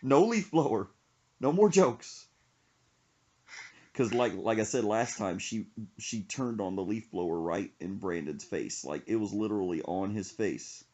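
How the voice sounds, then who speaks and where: A young man hosting a podcast, telling a comic story in a casual, animated way. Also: low voice, normal speed, few pauses, muffled recording. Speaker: podcast host.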